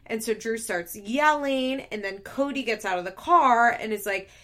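A woman telling a story in a casual, chatty way, animated and quick to laugh, full of filler words. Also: fairly high pitch. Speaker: show recapper.

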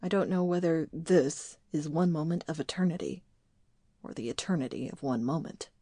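A woman reading an audiobook, voicing a grim man named Oscar who speaks of hell slowly and bleakly. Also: low-pitched, dark tone, husky, no echo, studio quality. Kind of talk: audiobook dialogue.

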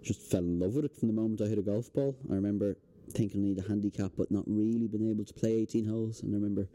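A young Irish man, a guest on a podcast, telling relaxed stories in casual chat. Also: on the low side, racing. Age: young adult. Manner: relaxed storytelling with fillers. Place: indoors, hotel podcast setting.

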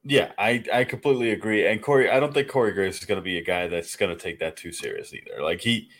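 A man's voice: fairly low pitch, fast talker, a bit bright. A man co-hosting a casual wrestling review podcast, laid-back and agreeable, laughing along. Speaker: co-host.

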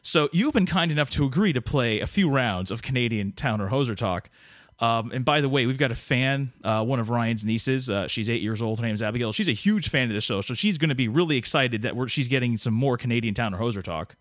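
Guy hosting a podcast, joking around and rambling, medium pitch, dry close sound. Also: animated, fairly quick, dry recording. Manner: rambling, jokey, many restarts and fillers. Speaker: podcast host. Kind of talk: casual interview chat.

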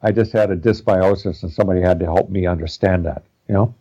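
Low-voiced man rambling warmly. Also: steady tone, fast, husky, highs cut off. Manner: rambling, many fillers and restarts. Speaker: guest, practitioner studying naturopathy. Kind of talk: casual interview chat.

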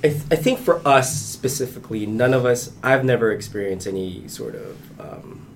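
A man's voice: medium pitch, animated, moderate pace, slight background noise. A man, an aspiring novelist, talking casually in a panel discussion with many restarts and fillers. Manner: rambling, frequent restarts and fillers.

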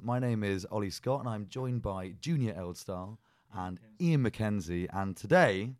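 A man's voice: on the low side, expressive, a little slow, hardly any pauses, a little mellow, no room sound, soft background music. A man hosting a podcast, chatty and rambling with many ums as he introduces his guest. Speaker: podcast host.

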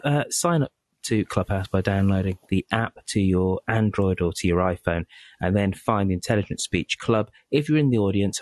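A British man hosting a podcast, wrapping up an interview in a chatty, halting way with lots of fillers and repeated words. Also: medium pitch, darkish tone, dry recording. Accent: British English. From England. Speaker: podcast host. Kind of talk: casual interview wrap-up.

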